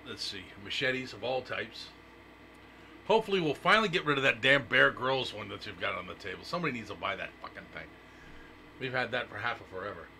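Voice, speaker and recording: A man's voice: mid-range voice, lively intonation, fairly quick, pushed and bright. A man hosting a talk radio show in casual chat, joking and blunt, swearing freely. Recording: noisy live radio stream.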